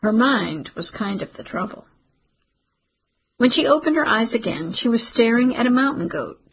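A woman reads a novel aloud in steady, measured narration. Her voice is very husky and breathy, with a gravelly fry running through it. She tells the story at an even pace. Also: a little high, poor audio. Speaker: audiobook narrator. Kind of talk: scripted narration.

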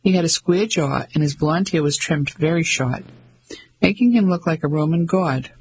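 A man reading a novel aloud as a volunteer audiobook narrator, steady and clear. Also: a little high, moderate pace, poor audio. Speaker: volunteer reader.

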